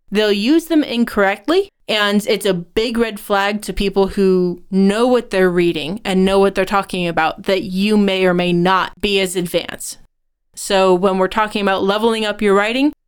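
A woman co-hosting a writing-advice podcast, explaining points in a measured, instructive way. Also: medium pitch, clean tone. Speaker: podcast co-host.

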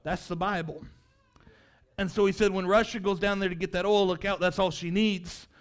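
Man, preacher, very high-pitched voice, fiery sermon, impassioned, rhetorical questions. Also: steady tone, normal speed. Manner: builds to impassioned shouting, rhetorical questions to congregation; high-pitched, emphatic, sweeps between quiet and loud.

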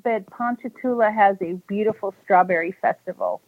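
A woman's voice: mid-range voice, moderate pace. Blunt woman guest on a tinny line. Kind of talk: casual chat as a call-in guest. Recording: dry, tinny phone-like line.

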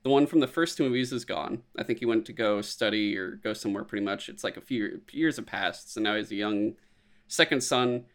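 In a low-ish, slightly fast voice, a man recaps films on a podcast with lots of energy in casual chat. He swears freely and slips into silly voices whenever he quotes someone.

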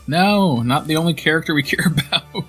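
A man with a slightly husky voice co-hosts a casual movie watch-along podcast. He jokes, teases his co-host and laughs often. Soft music plays faintly behind him. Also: fairly high pitch, moderate pace. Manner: joking, laughs often, teasing.

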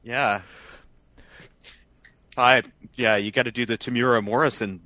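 A man's voice: medium pitch, fairly even intonation, a little slow, pauses often, sharp tone, no room sound. A man co-hosting a podcast in a casual, joking, laid-back manner. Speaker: podcast co-host. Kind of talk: casual chat.

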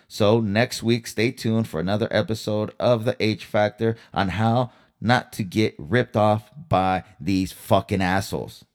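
Heated, cursing man ranting on his podcast. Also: lowish voice. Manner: heated, profanity-laden venting; rhetorical questions to listeners. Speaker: podcast host. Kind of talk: solo podcast storytelling rant.

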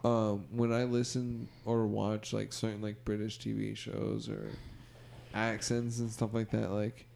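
A man chatting casually on a podcast in a low, dark voice with a gravelly rasp. He is laid-back and loose, dropping "dude" and "like" all through his talk. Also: little pitch movement, a little slow. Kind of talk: casual chat.

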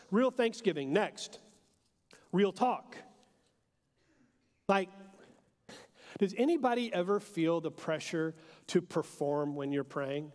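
A man in his thirties, a pastor preaching a sermon in a relaxed, joking way, full of fillers. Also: sits high. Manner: casual and joking, with many fillers. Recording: long hall reverb.

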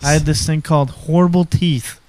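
A man's voice: a little high, steady tone, moderate pace, a little mellow. A middle-aged man co-hosting a podcast, crude and joking, rambling through stories in casual banter. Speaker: podcast co-host.

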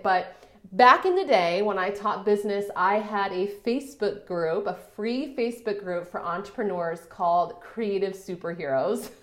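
A woman hosting a casual solo podcast, chatty and upbeat, filling her talk with "like" and light laughs. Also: mid-range voice. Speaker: podcast host. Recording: roomy reverberant room.

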